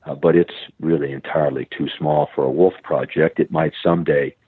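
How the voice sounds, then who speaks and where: Very deep and husky, this middle-aged American man's voice holds a steady tone at a slightly fast pace. A conservation biologist appearing as an interview guest, he tells a long story, repeats words often, and acts out the voices he quotes. The sound is dry and phone-like in a narrow band, with no room sound.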